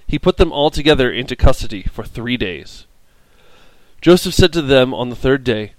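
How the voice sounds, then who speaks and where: A man giving a scripted scripture reading in an even, measured manner. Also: medium pitch, dry recording, low-quality recording. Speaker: scripture reader.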